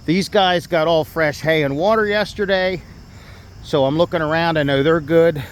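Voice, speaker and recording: A man's voice: on the high side, normal speed, a little hiss or hum. A middle-aged man vlogging from his farm outdoors on a handheld phone, talking earnestly and defensively to his viewers with plenty of fillers. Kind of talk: casual vlog talk to viewers.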